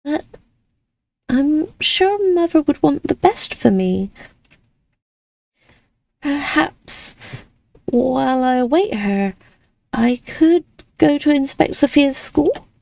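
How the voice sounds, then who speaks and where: A woman's voice: high voice, lively intonation, slow, vocal fry, pauses often, no echo, pitched above the performer's own voice, heavily acted. Amelie, a woman doing a sweet sheltered young lady. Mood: hesitant. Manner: gentle and trusting.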